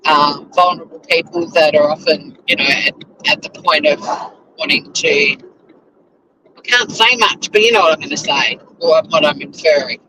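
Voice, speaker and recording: At a normal speed and with a voice on the high side, an Australian-accented Tasmanian YouTuber chats casually while driving to work on a live stream. He rambles, dropping in many fillers, and faint road noise from the car can be heard.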